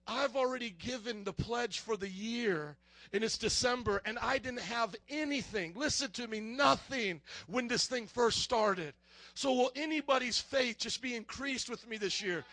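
A man stands before a church congregation and gives an emotional testimony, swinging from loud calls to near-whispers. His voice sits high and has a gravelly edge. The sound is dry and close. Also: normal speed, no echo. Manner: excitable, emotional, swings between shouting and hushed. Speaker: church minister giving a testimony. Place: church sanctuary.

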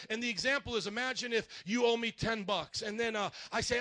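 A male pastor preaching a sermon in church, animated and joking, speaking straight to the congregation. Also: very high voice, quick pace, hardly any pauses, no echo.

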